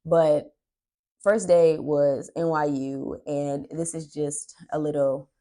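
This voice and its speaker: A young woman with a notably low voice talks candidly to her viewers. She speaks as the host of her own vlog, casual and chatty, and laughs easily between thoughts. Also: fairly even intonation, slow, warm tone. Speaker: vlogger and host. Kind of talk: casual chat.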